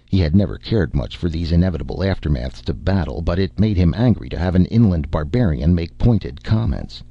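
Deep dark-voiced guy reading a story, husky, dry dull recording. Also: expressive, a little fast, hardly any pauses, no echo. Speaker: audiobook narrator. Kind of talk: scripted narration.

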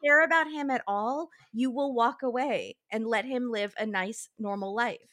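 A woman's voice: a little high, normal speed, a bit bright. A woman guest on a podcast chatting casually and offering wry commentary. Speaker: guest co-host. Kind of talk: casual chat.

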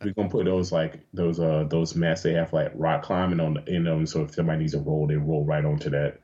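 A man being interviewed as a guest, chatting casually and telling lively, profane stories with plenty of laughter. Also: very deep voice, fast talker, lo-fi sound. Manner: animated, profane storytelling with frequent laughs. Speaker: interview guest, adult film performer. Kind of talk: casual chat.

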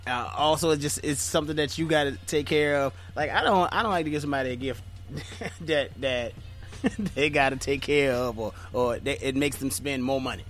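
A man's voice: medium pitch, moderate pace, a bit bright, faint music behind. A man co-hosting a casual chat show, joking and laughing often, repeating himself. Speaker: podcast co-host.

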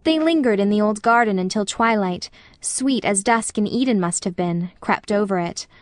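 Woman reading a classic novel, gentle and measured, dry close sound. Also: medium pitch, expressive, dry recording. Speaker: audiobook narrator. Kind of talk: scripted narration.

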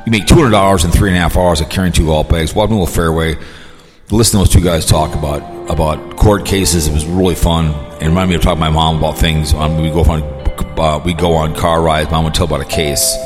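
A man's voice: low voice, steady tone, brisk, long reverb tail, music in the background. A man hosting his own podcast, talking in a rambling, aggrieved way with lots of restarts. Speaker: podcast host. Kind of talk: rambling livestream podcast talk.

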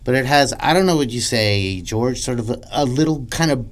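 A man's voice: medium pitch, expressive, fairly quick. A man from New England, co-hosting a casual film chat, who recaps plots with dry humor. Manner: wry, recaps plots in detail. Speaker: podcast co-host.

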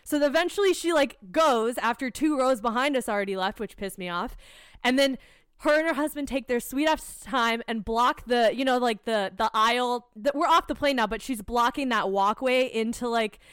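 A woman's voice: a little high, moderate pace, a bit bright, smooth, no echo, clean studio sound. A young American woman, co-hosting a podcast, tells a heated, profane story in casual chat. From United States. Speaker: podcast co-host.

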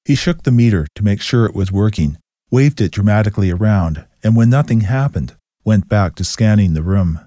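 Male narrator, ghost story, low voice, mellow tone, dry close sound. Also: expressive, normal speed, dry recording.

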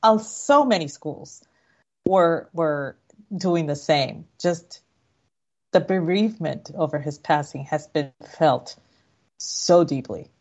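A woman co-hosting a casual talk show, talking in halting, rambling sentences. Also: deep voice, a little mellow, lo-fi sound. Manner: rambling, halting, many restarts. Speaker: podcast co-host. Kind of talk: casual chat.

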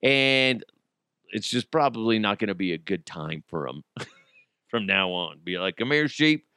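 A man's voice: low-pitched, fairly even intonation, a little slow, pushed and bright, clean tone, no echo, clean studio sound. A man hosting a casual comedy podcast, mocking news stories with crude jokes and frequent laughter. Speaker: podcast host.

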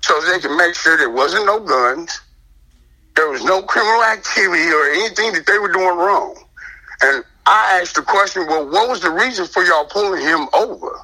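High, husky man telling a story. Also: lively intonation, moderate pace, pushed and bright, rough recording. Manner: indignant, emphatic, acts out dialogue. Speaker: guest telling his story. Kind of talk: animated personal storytelling.

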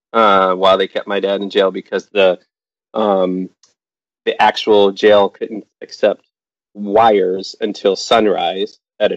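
In a fairly low-pitched voice, a middle-aged storyteller relates a personal anecdote to an audience with liveliness, acting out the other people's lines. The recording is dull and lo-fi, with no echo.

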